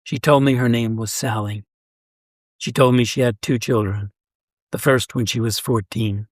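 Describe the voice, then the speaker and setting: Guy narrating a short story, steady and measured, mid-pitched, really dry close sound. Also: no room sound. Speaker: story reader.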